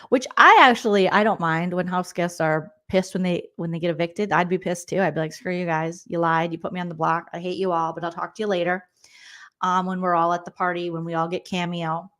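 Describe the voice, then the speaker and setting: A young adult woman comedian recapping a reality show in a sarcastic, gossipy roast, talking straight to her viewers and mimicking the people she mocks. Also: lowish voice. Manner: sarcastic, gossipy, mock-quotes people in put-on voices; chatty, addresses viewers directly.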